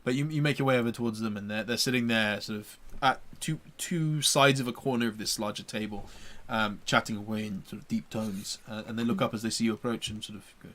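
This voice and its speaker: A man's voice: fairly low pitch, fairly even intonation, a bit bright. A man narrating as game master of a tabletop game, with frequent restarts and fillers. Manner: halting, many restarts and fillers.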